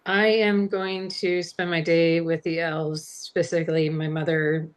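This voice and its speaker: A woman's voice: deep voice, level tone, unhurried, smooth. A woman playing in a tabletop game, describing her plans thoughtfully with some hesitation. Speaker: player. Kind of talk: tabletop role-play.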